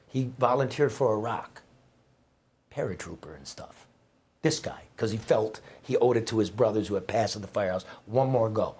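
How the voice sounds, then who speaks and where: This guest, a middle-aged former newspaper reporter, rambles emphatically through heartfelt stories in a conversational style. He speaks at a medium pitch with a darkish tone.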